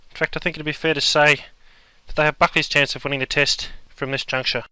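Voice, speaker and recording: A man playing a pompous male TV cricket commentator in a comedy sketch, with measured broadcast delivery. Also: a little high, flat delivery, bright, forceful tone, clear, resonant tone, no echo. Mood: wry.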